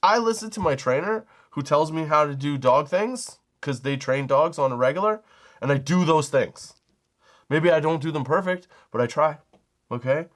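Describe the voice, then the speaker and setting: With a higher voice, lively intonation, and moderate pace, this middle-aged comedy podcaster rants loosely and profanely through his stories. He cracks himself up and performs the people he quotes in raised voices.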